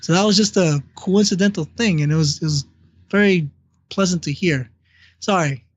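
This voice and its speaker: A man with a notably high voice chats casually as a podcast co-host and tells personal stories bluntly, swearing freely. The sound is dry and dull, with a lo-fi edge. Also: moderate pace, no room sound. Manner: blunt and profane, animated storyteller. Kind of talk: casual chat, personal storytelling.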